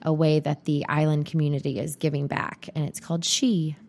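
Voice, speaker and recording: An easygoing woman co-hosting a podcast, her voice sitting a bit low for a woman. She talks casually and agreeably, often chiming in with short replies. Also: little pitch movement, a little fast, creaky, a little mellow. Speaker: podcast co-host. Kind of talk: casual chat.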